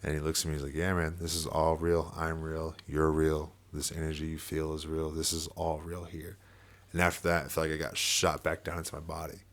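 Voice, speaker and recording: A man's voice: extremely low pitch, completely flat delivery, brisk, fairly bright tone. A young man telling a personal story in casual podcast chat, full of fillers and swearing and with bursts of laughter. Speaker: podcast guest.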